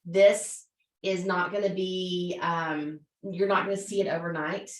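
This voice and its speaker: Woman hosting a business call, earnest and emotional, lower voice, roomy sound from a distance. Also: little pitch movement, measured pace. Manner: earnest and emotional, many fillers and restarts. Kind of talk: motivational talk on a video call.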